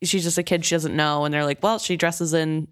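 Woman, lowish voice, casual exasperated book chat, lots of fillers. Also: fairly even intonation, fairly quick, clean tone. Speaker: book discussion co-host.

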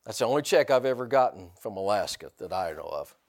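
A middle-aged man with a fairly low voice preaches fast, his intonation lively. The sermon feels conversational, and he repeats words often, asks the congregation rhetorical questions, and bursts out loudly at times.

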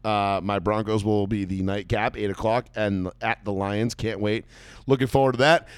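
A man's voice: on the low side, steady tone, moderate pace, clear, resonant tone, dry recording, studio quality. A man hosting a sports podcast, joking around in casual, profane banter with his co-host.

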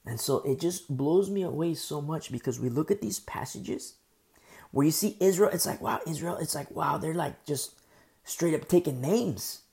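A male pastor leads a Bible study in a relaxed, conversational way, and his voice carries a gravelly rasp. His throat is sore, so he shifts between forceful emphasis and a soft, slow delivery. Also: on the high side. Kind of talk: conversational sermon-style Bible teaching.

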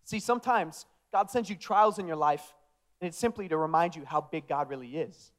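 A man's voice: fairly high pitch, normal speed. A young man preaching a sermon with energy, acting out the disciples in casual modern speech. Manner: energetic, acts out the disciples' dialogue. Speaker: pastor.

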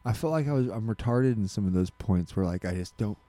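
A man talks loosely on a podcast, circling back and correcting himself as he tells a story. His voice sits low and mellow. The sound is dry and close. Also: lively intonation, brisk, no echo. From Alaska. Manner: rambling, self-correcting storyteller. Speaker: podcast co-host. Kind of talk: casual chat.

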